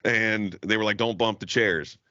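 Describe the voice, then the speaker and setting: Low-voiced man telling profane stories. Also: normal speed, pushed and bright, no room sound. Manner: profane, laughing, acts out quotes. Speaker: podcast co-host. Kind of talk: casual storytelling chat. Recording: dull, lo-fi podcast audio.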